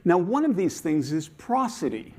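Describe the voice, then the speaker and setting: A man delivers a talk from a conference stage. His voice sits a little high and leaps around expressively, and he acts out his examples with playful emphasis. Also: normal speed. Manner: animated and playful, acting out examples. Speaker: conference speaker.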